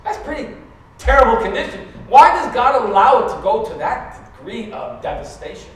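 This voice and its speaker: A man preaching a conversational sermon, going from quiet to loud, asking the congregation questions and laughing often. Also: very high-pitched, lively intonation, normal speed. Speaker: pastor. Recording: very echoey room, mic at a distance.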